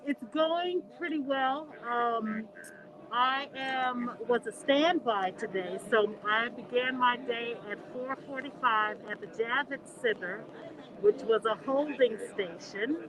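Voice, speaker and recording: Unhurried woman, crowd noise behind. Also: on the high side, poor audio. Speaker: poll worker guest. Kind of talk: casual video call chat.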